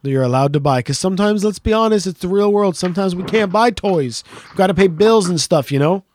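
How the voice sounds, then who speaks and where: A man's voice: sits high, lively intonation, brisk, a little mellow, a little hiss or hum. A middle-aged man co-hosting a podcast in casual chat, rambling and jokey and swearing freely. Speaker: podcast co-host.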